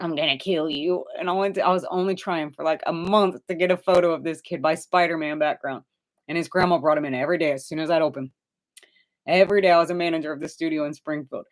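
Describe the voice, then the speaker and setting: Middle-aged woman telling rowdy stories. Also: fairly low pitch. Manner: animated, swears freely, acts out quoted people. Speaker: tarot reader hosting a live stream. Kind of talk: casual storytelling.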